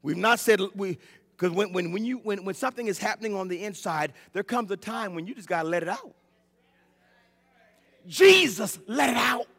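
A high, bright-voiced middle-aged man preaches with fervor, veering from ringing shouts to near-whispers and tripping over his own restarts. His voice rolls out into a long church reverb, as if filling a sanctuary. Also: quick pace. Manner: impassioned, swinging from shouts to hushed, stammering restarts. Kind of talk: sermon.

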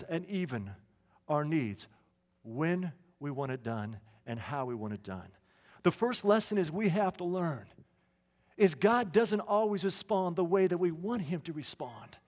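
Preaching to his congregation, a high-pitched pastor talks conversationally, breaking into asides and restarting his thoughts. His sermon echoes with long reverb throughout the church hall.

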